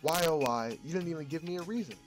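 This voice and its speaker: A man's voice: on the high side, fast talker, music in the background, pitched above the performer's own voice, close to an everyday voice. A man voicing a whiny, eager young man who pleads to be picked.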